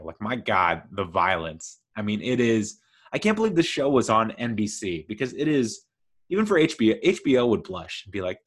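A man chatting casually as he reviews a TV series, rambling and enthusiastic, with lots of fillers. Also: lowish voice. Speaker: TV show reviewer.

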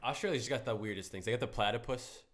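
A young man, a student, chatting casually as a podcast guest and slipping in playful deadpan jokes. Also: medium pitch, quick pace. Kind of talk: casual chat.

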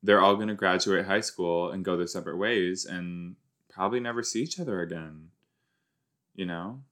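A man's voice: low voice, normal speed, fairly bright tone. A man hosting a rewatch podcast, giving rambling, jokey reaction commentary that often trails off.

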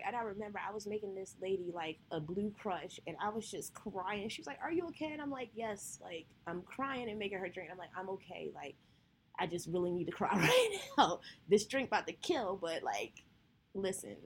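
A young woman hosts a podcast and tells her own story in a loose, candid way. She swears freely, laughs now and then, and speaks right to her listeners. A faint noise sits under the recording. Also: medium pitch. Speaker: podcast host. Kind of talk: casual storytelling.

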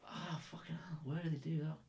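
A man's voice: on the high side, steady tone, fairly quick, gravelly, darkish tone, echoey room. An English man chatting casually as a guest, blunt and swearing a lot. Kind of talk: casual chat.

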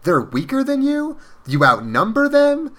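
A man's voice: very high voice, wildly swooping pitch, measured pace, a bit bright. A man hosting a casual podcast, joking, swearing and acting out characters as he retells a story. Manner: joking, profane, acts out characters. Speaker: podcast host. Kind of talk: casual chat.

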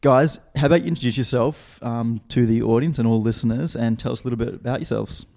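A young man hosts a relaxed interview chat. His voice sits at an ordinary middle pitch, and he keeps an upbeat, friendly tone as he brings in his guests. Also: fast talker, creaky. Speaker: podcast host.

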